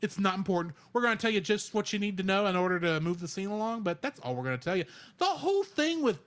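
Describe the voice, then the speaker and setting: A man co-hosting a podcast, chatting casually in an animated, rambling way. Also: sits high, fast. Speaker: podcast co-host. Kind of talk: casual chat.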